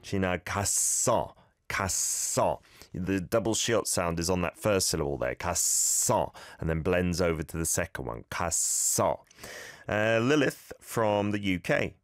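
A man with a very low voice hosting a radio show, walking listeners through pronunciation with patient, gently corrective explanations. The studio sound is close and dry, with no room echo. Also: lively intonation, normal speed, few pauses. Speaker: radio host.

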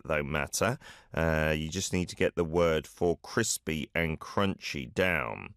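A man hosting a Korean language show, playing listener clips and gently correcting their pronunciation. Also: low voice, no room sound, studio quality. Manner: encouraging, explains pronunciation slowly. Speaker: host of a Korean learning show. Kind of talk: friendly radio-style language lesson chat.

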